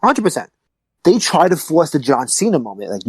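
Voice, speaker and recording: Animated, emphatic male podcast host. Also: fairly high pitch, normal speed, slightly rough, dry recording, low-quality recording. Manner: animated, emphatic, rising to excited peaks. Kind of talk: casual chat.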